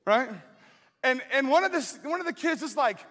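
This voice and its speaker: A male student ministry pastor, preaching with animated storytelling that shifts from slow prayer to lively anecdotes. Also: extremely high pitch, long reverb tail. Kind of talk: sermon with personal storytelling.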